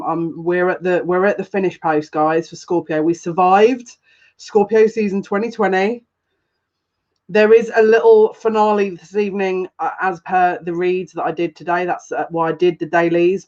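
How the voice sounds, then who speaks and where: Her voice is fairly low and the sound is lo-fi. As a psychic reader on a live stream, she chats loosely and greets her viewers one by one by name, while they compliment her noticeable accent.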